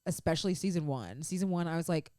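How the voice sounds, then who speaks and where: Low-voiced woman gushing about a show. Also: fast talker, mellow, dry recording, studio quality. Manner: gushing, emotional recap with many "like" fillers. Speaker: podcast co-host. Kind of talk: casual fan chat.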